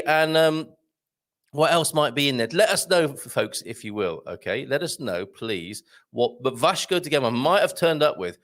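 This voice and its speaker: A man's voice: mid-range voice, a bit bright. A man hosting a casual livestream, rambling in a jokey way and reading out viewer comments. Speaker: livestream host. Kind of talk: casual live-stream chat.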